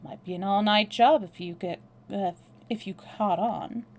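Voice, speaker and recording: Storybook tough guy: woman reading a cool, drawling American man with a gravelly edge. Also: medium pitch, measured pace, close to an everyday voice. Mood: blunt. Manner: drawling, dry and threatening. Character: brash, blunt young American man, cool under pressure. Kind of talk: read-aloud novel dialogue.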